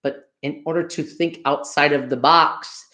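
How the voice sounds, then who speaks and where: A man in his thirties hosts a solo podcast, his voice sitting a touch higher than most. He speaks bluntly and swears freely. Now and then he slips into quick, mocking impressions of other people. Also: fairly even intonation, bright, forceful tone. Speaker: podcast host. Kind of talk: candid solo monologue.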